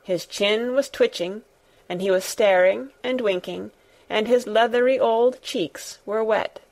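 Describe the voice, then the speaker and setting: A woman narrating a storybook at an unhurried, slow pace. Her pitch sits in a middle register, and she reads in a measured, gentle way. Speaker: audiobook narrator. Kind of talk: scripted narration.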